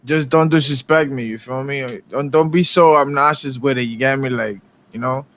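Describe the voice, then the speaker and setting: A man's voice: medium pitch, moderate pace, a bit bright. A young man co-hosting a podcast, talking in loose slang and repeating his points. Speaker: co-host. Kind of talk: casual chat.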